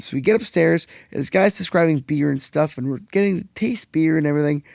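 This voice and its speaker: A man's voice: fairly high pitch, quick pace, creaky, darkish tone, no room sound, clean studio sound. A young man hosting a casual podcast, a profane, rambling storyteller who acts out the quotes. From Canada. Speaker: podcast host.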